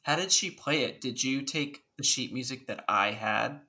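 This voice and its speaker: A man hosts a casual podcast chat with a bright, forward voice. He talks easily and at length, explaining things as he goes. His pitch sits in an ordinary middle range. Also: moderate pace. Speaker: podcast host.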